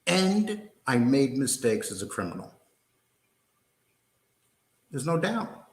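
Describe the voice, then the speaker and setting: A man's voice: medium pitch, big pitch swings, slow, darkish tone. Profane, combative older man ranting. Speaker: host. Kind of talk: angry livestream rant. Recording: roomy echo.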